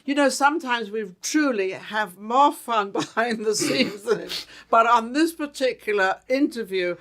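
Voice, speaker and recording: A woman's voice: a little high, expressive, measured pace, fairly bright tone. A woman hosting a talk show interview, chatting casually and rambling, often repeating herself.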